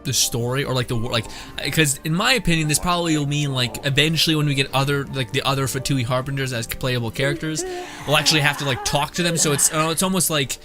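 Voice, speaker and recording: A man's voice: mid-range voice, fast talker. A man streaming a video game, rambling in loose, profane commentary and laughing often. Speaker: gaming streamer. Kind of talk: let's-play commentary. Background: faint game music.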